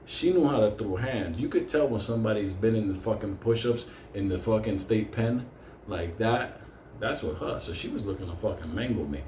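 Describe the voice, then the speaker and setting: This man's voice sits fairly low, with lively intonation, a normal speed, a slightly mellow tone and a little hiss or hum. He rambles through a profane, casual tale of a youthful street fight, laughing often, recorded in an echoey room with faint background ambience.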